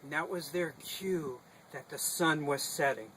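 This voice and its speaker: Male storyteller, slow paced, slightly high voice, dramatic, live folk tale in a small outdoor booth. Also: a little hiss or hum, rough recording. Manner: dramatic, animated, with sudden shifts in loudness.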